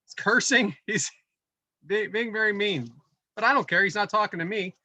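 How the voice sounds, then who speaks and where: Bright, high-voiced middle-aged man telling a story. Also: moderate pace, no room sound. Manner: animated, building anecdote with voiced quotes. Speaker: podcast co-host. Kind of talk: casual storytelling.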